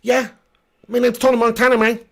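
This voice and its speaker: A man's voice: very high voice, level tone, fairly quick, a bit bright, pitched above the performer's own voice. A man putting on an aggressive gangster voice, ending each phrase with a tough "man". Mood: menacing. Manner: tough, tags every line with "man". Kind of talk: live impression for a stream chat.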